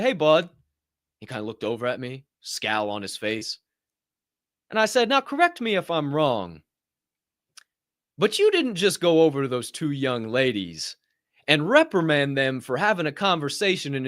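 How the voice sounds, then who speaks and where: A man hosting a motivational podcast, telling stories in a blunt, profane, animated way. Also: a little high, no echo, clean studio sound. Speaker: podcast host. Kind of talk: casual motivational monologue.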